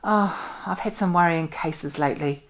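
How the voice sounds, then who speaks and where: A woman's voice: deep voice, normal speed. A woman reading aloud and voicing a tired, troubled male doctor who speaks vaguely and hesitantly. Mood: weary.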